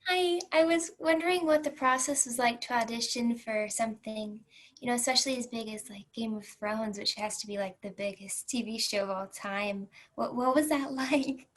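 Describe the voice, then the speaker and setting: A woman student asks an eager, casual question over a video call, with plenty of fillers. Her voice sits somewhat high. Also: normal speed.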